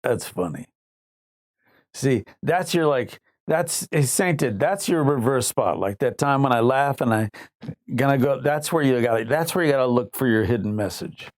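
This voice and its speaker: A man's voice: medium pitch, animated, moderate pace, no room sound, studio quality. Rambling man on a livestream. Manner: rambling, conversational, drops into mock voices. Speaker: livestream host. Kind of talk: casual livestream chat, reading viewer comments.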